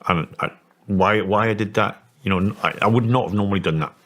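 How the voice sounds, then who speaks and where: A Scottish man in his forties, telling a story in an interview in a halting way, with many restarts. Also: on the low side, a bit bright. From Scotland. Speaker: interview guest.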